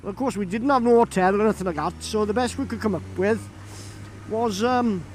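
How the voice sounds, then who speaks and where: Welsh-accented young man, very high-pitched, easygoing vlogger spinning a yarn outdoors with faint road noise. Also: a little fast, darkish tone. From Wales. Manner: chatty, laughing storyteller with many fillers. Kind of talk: casual anecdote.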